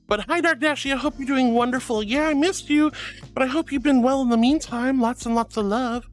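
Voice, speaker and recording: Over faint music, a man with an extremely high pitch talks fairly quickly while reading his livestream chat aloud. He's chatty and apologetic, a self-described yapper who calls his viewers sweetie and honey.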